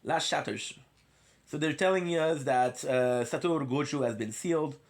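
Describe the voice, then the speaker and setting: A man's voice: fairly high pitch, moderate pace. A man streaming casually, rambling between topics with frequent swearing and stuttered, repeated words, sometimes counting aloud as he plays. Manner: counts aloud while playing. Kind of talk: casual live-stream chat.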